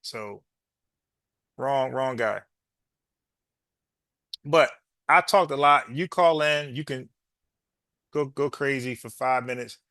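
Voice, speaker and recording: This man hosts a podcast and clashes with a caller in a heated call-in debate, restating his arguments and calling him "bro." His medium-pitched voice is slow and sharp, broken by long pauses, and the studio-quality audio has no echo.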